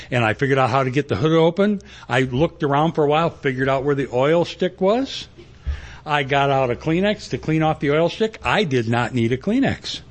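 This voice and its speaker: Husky-voiced folksy preacher man. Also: medium pitch. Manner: folksy, rambling storyteller. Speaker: pastor. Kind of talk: sermon with personal story.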